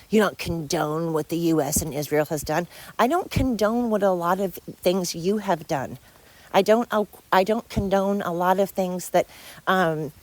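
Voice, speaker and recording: A woman's voice: fairly low pitch, darkish tone, no echo. A woman hosting a solo podcast, talking in a rambling, heated way, tired and stumbling over her words. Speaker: podcast host. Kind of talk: casual solo podcast monologue.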